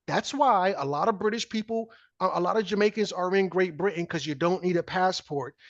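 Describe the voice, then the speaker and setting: A man's voice: sits high, fairly quick, no room sound. A man hosting a podcast, giving casual commentary and reading articles aloud in an emphatic way that repeats phrases for stress. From United States. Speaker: podcast host. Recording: dull lo-fi dry sound.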